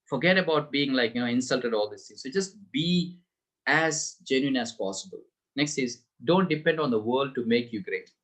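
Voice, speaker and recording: Male motivational speaker for an online session, chatty, mid-pitched, keeps asking "okay?". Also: animated, moderate pace, a bit bright, low-quality recording. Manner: conversational, frequent "okay?" tags, laughs, addresses audience directly.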